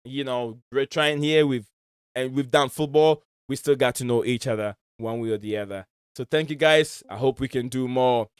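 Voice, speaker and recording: A man's voice: medium pitch, normal speed, clear, resonant tone, no echo. A man hosting a casual live stream, rambling and searching for words as he chats. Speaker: stream host. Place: home in Michigan.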